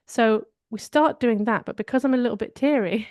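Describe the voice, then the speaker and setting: A woman's voice: on the high side, fairly quick, a little mellow, dry recording, clean studio sound. A woman co-hosting a podcast, telling personal stories in a candid, reflective way during a casual chat. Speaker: podcast co-host.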